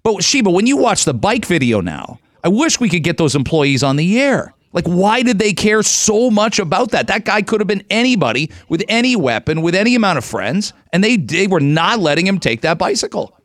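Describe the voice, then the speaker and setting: A man co-hosting a talk radio show, telling stories in animated, casual banter and acting out the voices of people he quotes. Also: high voice, fairly quick, hardly any pauses, dry recording.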